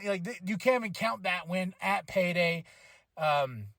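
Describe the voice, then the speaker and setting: High-voiced tired man recapping wrestling. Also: expressive, vocal fry, a bit bright, dry recording, studio quality. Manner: rambling, laughs often, paraphrases wrestlers in quick asides. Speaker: podcast host.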